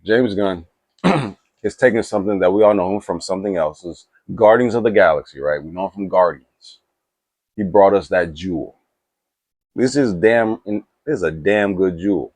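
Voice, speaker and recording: A man chatting casually to camera about movies, rambling with restarts and asides and getting excited. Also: sits low, moderate pace, no room sound. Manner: animated and excitable. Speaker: movie reaction YouTuber.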